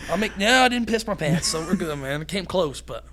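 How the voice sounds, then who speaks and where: Hyped-up young man with a bright voice. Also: sits high, animated, a little hiss or hum. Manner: hyped, fast-talking, swears freely. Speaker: guest, fighter. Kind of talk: casual podcast conversation.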